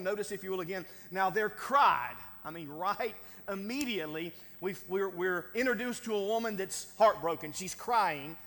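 A man preaching a sermon as pastor, conversational and folksy, with frequent "right?" asides and chuckles. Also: sits high. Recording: long hall reverb.

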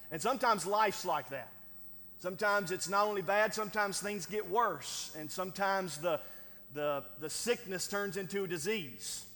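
High-voiced preacher in a reverberant hall. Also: male voice, a bit bright. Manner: conversational preaching with frequent "right?" asides and chuckles. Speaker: pastor. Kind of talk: sermon.

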